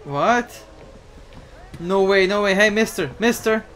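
A man playing a horror game and commenting on it, excitable, swearing freely and talking back to the game. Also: on the high side, moderate pace, soft background music. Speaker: gaming YouTuber.

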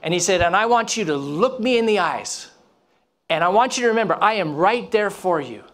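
A man preaching a sermon, telling a story with animation, acting out the people in it and dropping to a hush at times. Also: high-pitched, expressive, a little fast. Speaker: pastor. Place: church.

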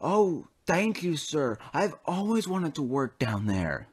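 A man's voice: mid-range voice, very animated, normal speed, over music. A man voicing a scheming engine in a toy train story who stammers and pleads, now sorry for his deeds. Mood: delighted.

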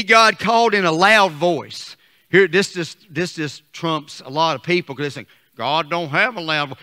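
A man preaching a sermon as pastor, trading call-and-response with the congregation, drawing out scripture slowly and climbing to emphatic peaks. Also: a little high, bright, forceful tone, in a large hall. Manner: reads scripture slowly and deliberately.

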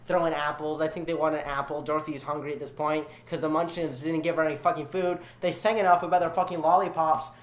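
Tipsy young man, slightly high voice, sarcastic and rambling storyteller, in a roomy space. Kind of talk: drunken comedic retelling. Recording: echoey room.

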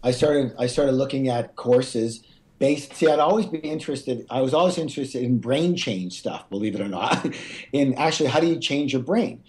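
A man guest on an interview, telling a personal story, often stumbling and restarting and jumping up in pitch when he acts out what was said. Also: normal speed. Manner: animated, acts out quotes with big pitch jumps. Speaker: guest author.

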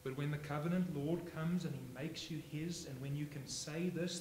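A man preaching a sermon as pastor, swinging from hushed phrases to loud emphatic ones. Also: on the high side, fairly even intonation, moderate pace, hardly any pauses. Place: church sanctuary. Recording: echoey church, faint hum.

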